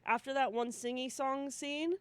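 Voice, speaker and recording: A young woman co-hosting a casual podcast, telling stories in an animated way, with plenty of swearing and laughter. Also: sits high, normal speed, clean tone, dry recording. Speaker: podcast co-host. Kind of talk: casual chat.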